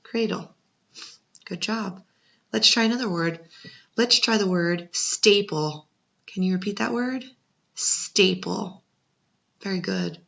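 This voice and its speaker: This time the teacher's voice is mid-range, pushed and bright, and unhurried as she breaks words into syllables for a second-grade class and encourages them. The sound is muffled and lo-fi.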